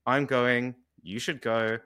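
A man's voice: medium pitch, fairly even intonation, slow pace, a bit bright, clean tone. A man with a British accent hosting a podcast interview, chatting in a friendly, enthusiastic way. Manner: friendly, enthusiastic, loose with small restarts. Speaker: podcast host. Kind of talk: casual interview chat.

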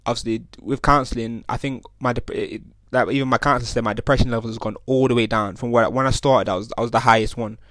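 A man's voice: medium pitch, steady tone, fast, few pauses, fairly bright tone, no room sound. A young man with talking in a casual solo podcast, rambling and swearing a lot. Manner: rambling, swears a lot, keeps asking "you know what I'm saying". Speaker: podcast host. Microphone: own podcast mic.

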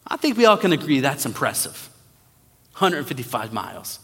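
A man preaching a sermon as an online minister, earnest and emphatic, slowing down to repeat key phrases. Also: medium pitch, sing-song, fairly bright tone, slightly rough, long reverb tail.

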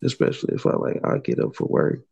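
A man talking low and slangy in casual chat, a little tipsy after a couple of drinks, with a very low gravelly voice. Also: fast talker, a little mellow, highs cut off.

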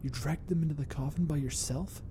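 A man voicing a cruel duke who speaks with held-back, low intensity. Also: a little fast, natural voice. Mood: intense. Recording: rumbling background noise.

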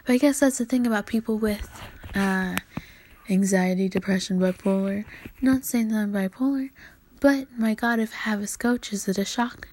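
A woman's voice: mid-range voice, normal speed, a little mellow. A woman in her twenties hosting a solo podcast, rambling and swearing, often dropping to a whisper. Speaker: podcast host. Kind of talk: casual solo podcast monologue.

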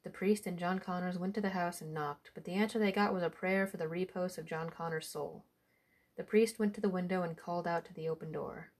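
A woman telling an old folk tale aloud in a somewhat low voice. She reads at an even storytelling pace, acting out the speakers as she goes. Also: a little fast. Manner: steady storytelling delivery.

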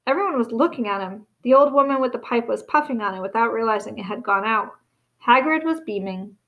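A woman reading a storybook aloud in a steady, expressive narration. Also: fairly high pitch, brisk, lo-fi sound. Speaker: audiobook reader.

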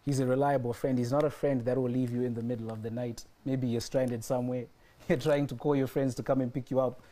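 A man's voice: mid-range voice, little pitch movement, a little fast, warm tone. A man preaching a sermon and telling a personal story, repeating his phrases for emphasis.

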